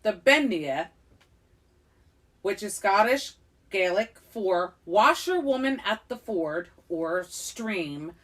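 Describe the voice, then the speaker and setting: A woman's voice: mid-range voice, very animated, takes it slowly. A woman hosting a casual podcast chat, playful and giggly, cracking jokes as she goes. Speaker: podcast host.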